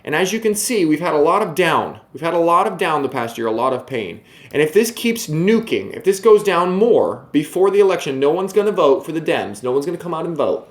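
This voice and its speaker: Man, slightly higher voice, brash, emphatic, mocking, casual market commentary. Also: very animated, fairly quick, few pauses. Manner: brash, emphatic, mocks viewers.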